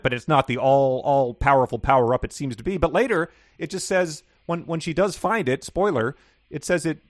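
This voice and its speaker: A man's voice: medium pitch, fairly bright tone, no room sound, clean studio sound. A man co-hosting a casual book podcast, talking in a wry, rambling way with frequent laughs. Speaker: podcast co-host.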